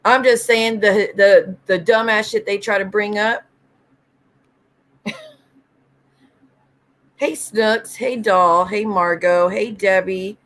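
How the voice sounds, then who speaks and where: A woman's voice: mid-range voice, steady tone, slow pace, pauses often, a bit bright. A woman hosting a casual livestream, greeting viewers by name and ranting bluntly with lots of swearing. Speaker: livestream host.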